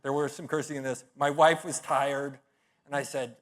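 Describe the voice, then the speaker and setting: A man's voice: mid-range voice, steady tone, normal speed. A middle-aged man giving a conference talk, telling stories in a punchy, blunt way with profane, self-mocking humor. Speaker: conference speaker.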